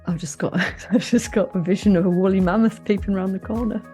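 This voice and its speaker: A woman's voice: medium pitch, fairly even intonation, fast talker, dark tone, husky, faint music behind. A woman co-hosting a podcast, playful and enthusiastic in conversation. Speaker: podcast co-host.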